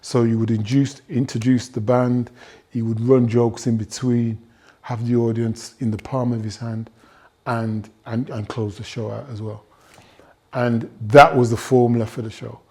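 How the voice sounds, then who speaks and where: A man's voice: mid-range voice, little pitch movement, unhurried, darkish tone, breathy edge. A man who organised a gospel show, explaining its format steadily in an interview.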